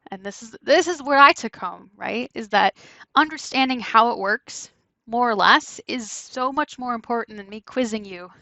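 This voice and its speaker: A woman lecturer giving a conversational classroom lecture, often checking in with "right?" and breaking into animated asides. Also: fairly high pitch, dry recording, muffled recording. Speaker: university lecturer.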